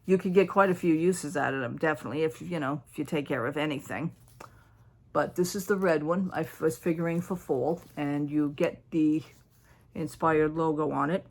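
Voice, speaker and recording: Woman haul vlogger, low voice, chatty and rambling, everyday conversational delivery. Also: moderate pace, a little mellow. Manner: chatty, rambling, with frequent restarts and fillers. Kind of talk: casual show-and-tell chat.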